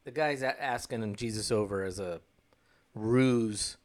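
A man's voice: fairly low pitch, a little slow. A man co-hosting a casual discussion podcast, making wry asides and reading a passage aloud. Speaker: podcast co-host.

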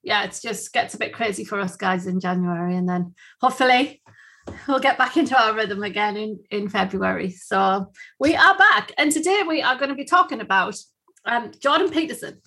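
A woman's voice: medium pitch, fairly quick, sharp tone. A woman co-hosting a podcast in casual chat, talking in a chatty, giggly way with many fillers. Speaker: podcast co-host.

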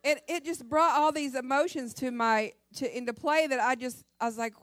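A woman's voice: high-pitched, normal speed, few pauses, no room sound. A middle-aged woman giving a humorous testimony sermon, acting out her own cries and often laughing. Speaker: pastor's wife and speaker.

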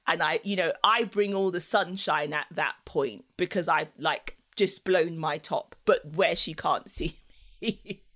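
Chatty woman with a lowish voice. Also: a little slow, fairly bright tone. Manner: chatty, laughs often, acts out voices in anecdotes. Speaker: podcast guest. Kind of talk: casual storytelling chat.

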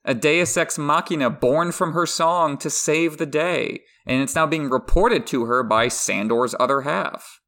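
A man co-hosting a podcast, reading prepared literary analysis in a measured way. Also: fairly high pitch, bright, forceful tone. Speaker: podcast co-host.

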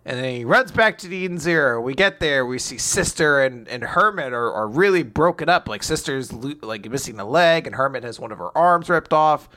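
A man's voice: mid-range voice, animated, fairly quick, hardly any pauses, pushed and bright. A man co-hosting a podcast, casually recapping a manga chapter, laughing and joking as he acts out lines. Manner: laughing, joking, acting out quotes. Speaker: podcast co-host.

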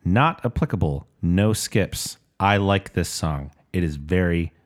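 A man's voice: low-pitched, animated, measured pace. A man co-hosting a casual podcast chat, blunt and dismissive, announcing each matchup. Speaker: podcast co-host.

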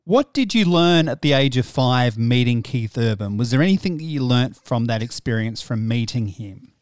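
A man's voice: mid-range voice, lively intonation, moderate pace, clear, resonant tone, no echo, studio quality. A man hosting a casual interview, asking questions in a light, teasing way. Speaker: interviewer host.

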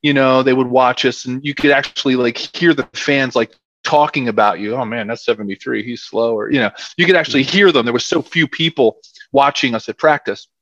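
A man's voice: medium pitch, brisk, fairly bright tone. A man, a former football player telling long rambling stories in an interview, full of fillers. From South Philadelphia, USA. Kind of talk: casual storytelling interview. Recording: dull dry muffled audio.

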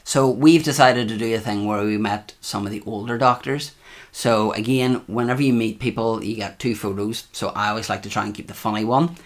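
Male co-host, low voice, lively anecdotes, chatty. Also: brisk. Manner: animated storytelling, acts out quotes. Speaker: podcast co-host. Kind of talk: casual chat.

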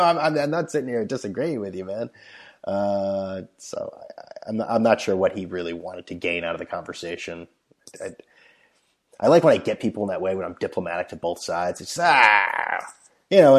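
A man's voice: lowish voice, animated, normal speed. An American man telling a rambling, blunt, profane story in a casual monologue, recorded on a headphone microphone. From United States.

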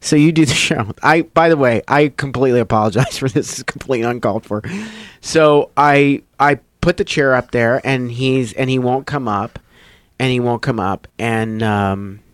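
A man, a comedian, telling a story in casual chat, getting animated and loud as he acts out a confrontation. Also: medium pitch, normal speed, dry recording, studio quality. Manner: animated, rising loud when acting out the confrontation. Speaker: comedian guest.

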